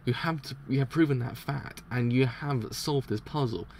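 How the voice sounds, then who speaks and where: A man reading aloud as a cold, commanding male mafia boss, speaking in calm, measured instructions. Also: medium pitch, slight background noise, close to an everyday voice. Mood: cold, instructing.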